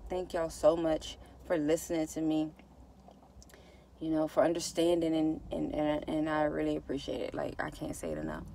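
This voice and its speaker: A woman speaks straight to her viewers in a low-pitched, heartfelt voice. She repeats herself and sounds close to tears. A faint hum of ambient noise sits behind her. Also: completely flat delivery, normal speed, vocal fry, mellow. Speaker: vlogger. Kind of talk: emotional casual vlog to viewers.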